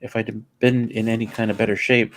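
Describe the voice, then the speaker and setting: A man's voice: fairly low pitch, level tone, fairly quick. A man chatting casually with a livestream host and trading teasing, jokey banter. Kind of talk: casual chat.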